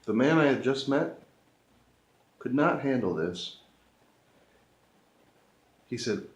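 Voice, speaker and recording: A man talking to the camera in a slow, earnest way, repeating his points for emphasis. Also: mid-range voice, expressive, echoey room. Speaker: vlogger. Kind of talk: reflective talk to camera.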